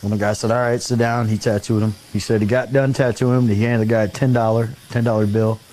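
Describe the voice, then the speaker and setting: A man hosting a casual talk show, telling a long anecdote with animated quoted voices and frequent laughter. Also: on the low side, fast talker. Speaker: show host. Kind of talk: casual storytelling chat.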